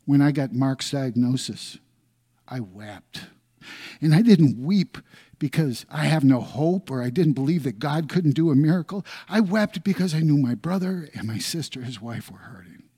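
A middle-aged man preaching a sermon, swinging from loud emphatic lines down to hushed, almost whispered ones. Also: a little high, lively intonation, normal speed, slightly rough. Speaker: pastor.

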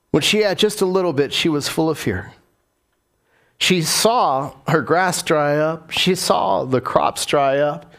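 A man preaching a sermon as pastor, repeating key phrases for emphasis and putting questions to his congregation. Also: on the high side.

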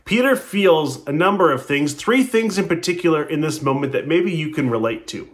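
Male pastor, slightly higher voice, conversational sermon, acts out quoted lines with shifting emphasis. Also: expressive, normal speed. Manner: storytelling, acting out quotes with rising and falling emphasis; conversational, with restarts.

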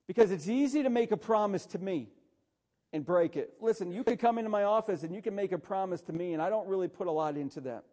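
A middle-aged male pastor delivers a sermon with a noticeably high voice. His tone is mellow rather than bright. He exhorts his listeners with urgency, repeatedly calling them to listen. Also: fast. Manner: urgent, exhorting preacher who often says "listen".

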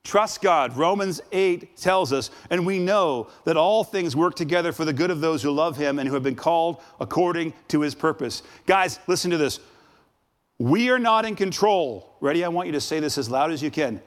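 A man preaching a sermon as a guest preacher, dramatic, swinging from loud exclamations to hushed asides. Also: a little high, fairly quick, hardly any pauses. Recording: long reverb of a large hall.

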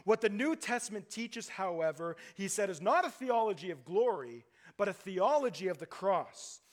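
A male pastor preaches with a fairly high voice, pressing his points with emphasis. He talks straight to his congregation and asks them rhetorical questions as he delivers his sermon. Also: sing-song, moderate pace.

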